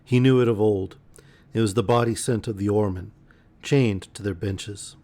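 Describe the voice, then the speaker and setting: A man reading a pulp fantasy novel aloud as a bedtime story, measured with occasional slips. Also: lowish voice, fairly even intonation, mellow.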